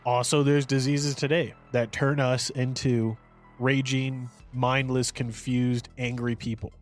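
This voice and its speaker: A man's voice: mid-range voice, little pitch movement, measured pace, soft background music. A man co-hosting a podcast, reviewing a movie in casual, rambling chat full of fillers and restarts. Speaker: podcast co-host.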